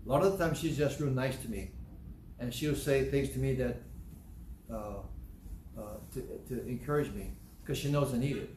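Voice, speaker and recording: A man's voice: mid-range voice, normal speed, long pauses, darkish tone, roomy sound, a little hiss or hum. A man with a Southern American accent, preaching a sermon in a folksy, conversational way with personal asides, then leading a prayer. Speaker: pastor.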